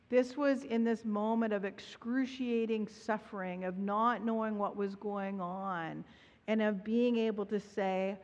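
A woman pastor preaching a sermon in an earnest, reflective way, her voice softening when she voices prayers. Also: fairly high pitch, fairly even intonation, measured pace. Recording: dull audio with long hall reverb.

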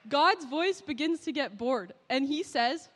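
A woman's voice: high voice, lively intonation, measured pace, long reverb tail. A woman narrating and directing a Bible skit, coaching the actors cheerfully and often laughing.

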